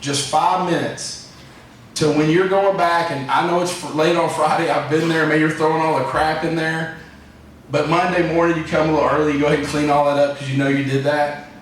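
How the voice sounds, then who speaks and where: A man's voice: fairly high pitch, level tone, fairly quick, a little hiss or hum. A man giving a rambling, folksy motivational talk to his staff as company president. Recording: echoey room, distant mic.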